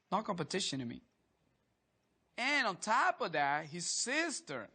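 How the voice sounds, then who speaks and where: A man's voice: a little high, gravelly, bright, forceful tone, slightly rough. A man who is a former drug boss, bragging and swearing in a documentary interview. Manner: boastful, profane, dismissive.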